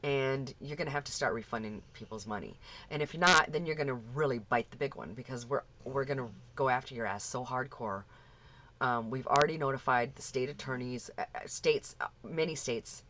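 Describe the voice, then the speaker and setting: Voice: mid-range voice, a little fast, fairly bright tone, slight background noise. A vlogger ranting angrily to camera at a scammer, cursing, repeating and restarting sentences. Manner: profane, heated, repeats and restarts. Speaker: scam victim vlogger. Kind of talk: angry rant to camera.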